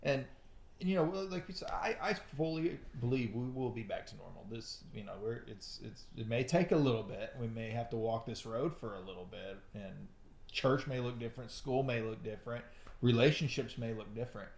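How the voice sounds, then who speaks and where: A man, a priest, talking gently and agreeably in a casual conversation. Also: mid-range voice, normal speed, creaky, roomy sound. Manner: gentle, agreeable, says yeah often. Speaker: Catholic priest, guest.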